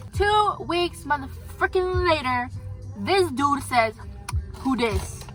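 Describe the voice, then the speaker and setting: A teenage girl with a high, bright voice talks casually to the camera. She gossips in a chatty, storytelling way. Faint music plays behind her. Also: animated, measured pace. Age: teens. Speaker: vlogger. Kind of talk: casual chat.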